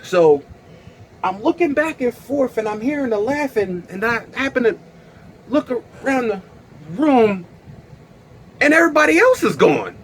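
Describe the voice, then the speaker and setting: A man's voice: very high voice, big pitch swings, a little slow, pauses often, a little hiss or hum. A man telling a personal story in a casual, slangy way, with lots of fillers and laughs. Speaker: storyteller vlogger.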